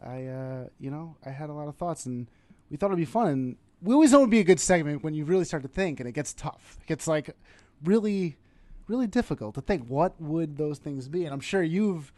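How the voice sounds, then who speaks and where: A man's voice: a little high, brisk, dry recording. Teasing New York guy, dry sound. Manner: animated, teasing, laughs often. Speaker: podcast co-host. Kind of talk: casual chat.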